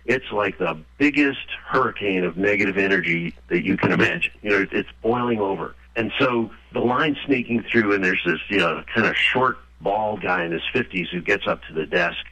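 A man being interviewed, talking in a lively storytelling way and acting out the voices he quotes. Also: fairly low pitch, normal speed, few pauses. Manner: animated, acts out quoted voices. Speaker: guest author. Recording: dull lo-fi radio audio.

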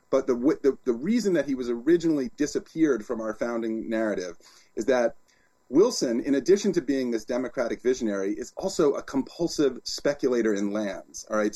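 A man, an author and guest, talking in an interview as an animated storyteller with frequent restarts. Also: medium pitch. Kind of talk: interview conversation.

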